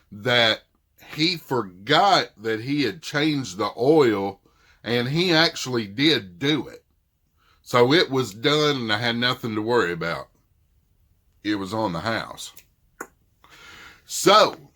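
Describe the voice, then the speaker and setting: This middle-aged vlogger, his Southern accent thick, casually recounts a dispute and voices what both sides said. His voice is mid-range with a sharp tone.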